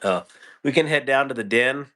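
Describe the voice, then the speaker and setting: A man's voice: medium pitch, moderate pace, sharp tone. A man hosting a casual live stream from home on his phone, greeting viewers by name with rambling, joking asides.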